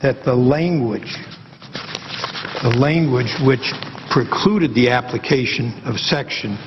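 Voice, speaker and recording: A man's slightly raised voice pressing a pointed question in formal floor debate, deliberate and insistent. It comes from an archival broadcast clip, with long hall reverb and dull, muffled audio. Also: a little high.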